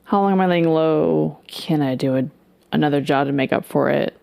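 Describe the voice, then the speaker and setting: A woman playing in a tabletop game, easygoing and quick to laugh. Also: low voice, gravelly, warm tone. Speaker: player. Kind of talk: casual tabletop game chat.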